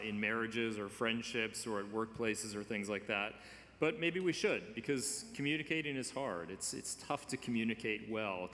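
A man in his fifties preaching a sermon, conversational with gentle humor and emphatic stresses. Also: lowish voice, a little hiss or hum. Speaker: pastor. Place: church sanctuary. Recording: reverberant church sanctuary.

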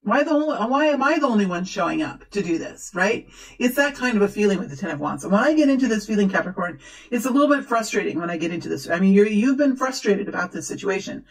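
A chatty tarot reader gives a casual, rambling reading to camera, full of fillers and restarts but encouraging throughout. Her voice is medium-pitched and animated, and she talks fast. The recording is rough.

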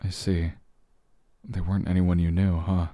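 A man in a whispered role-play as a comforting boyfriend, speaking softly and gently, with hesitant fillers, quiet sighs and slow, soothing phrasing. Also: low voice, level tone, dry recording, studio quality. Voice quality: soft, gentle and reassuring, with sighs and quiet laughs.

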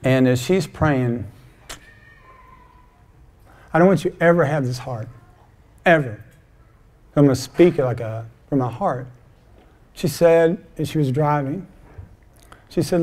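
A man's voice: a little high, slow pace, pauses often, a little mellow. A middle-aged man pastor telling a personal story in a folksy, conversational sermon, acting out bits of dialogue. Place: church sanctuary.

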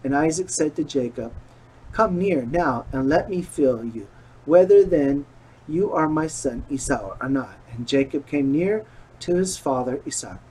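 A man reading a long Bible passage aloud in a slow, deliberate way, with small slips and restarts. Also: fairly high pitch, animated, warm tone, husky, low-quality recording. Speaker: scripture reader.

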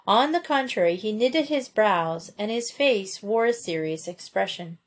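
A woman narrates a children's book aloud at a steady storybook pace. Her voice sits at a middle pitch, neither high nor low. The reading is even and clear. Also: a little slow.

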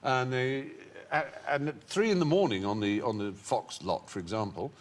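A man's voice: mid-range voice, normal speed. A male talk show guest telling long, witty anecdotes full of playful asides. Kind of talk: anecdotal chat show storytelling. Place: TV studio with a live audience.

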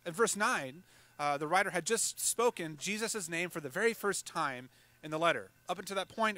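A male pastor preaching a sermon in a conversational way, with fillers and quick asides. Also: high-pitched, lively intonation, bright, forceful tone, dry recording.

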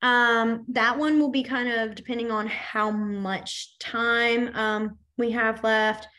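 A woman's voice: fairly high pitch, steady tone, takes it slowly, pushed and bright. A woman teaching a beginner sign language class in a chatty, demonstrative way, with lots of fillers. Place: library classroom.

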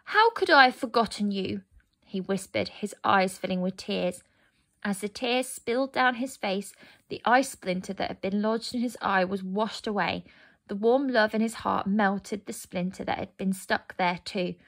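A woman narrating a fairy tale aloud, gentle and expressive. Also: medium pitch, measured pace. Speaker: storyteller. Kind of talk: storybook narration.

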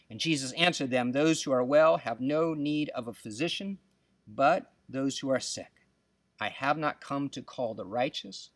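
A man preaching a sermon as pastor, acting out quotes with lively emphasis and dropping to soft, quiet stresses. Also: mid-range voice, a little slow, dry recording, distant mic.

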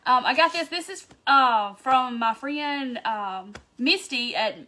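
A cheerful woman hosts a live craft stream. Her voice sits notably high, and her blocked sinuses give it a stuffy, congested sound. She chats in a bubbly, excitable way and greets her viewers by name. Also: takes it slowly. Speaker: craft livestream host. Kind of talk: casual livestream chat greeting viewers.

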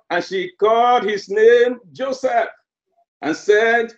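A male preacher delivering a sermon, emphatic and repeating phrases for effect. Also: very high voice. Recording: roomy, dull lo-fi sermon recording.

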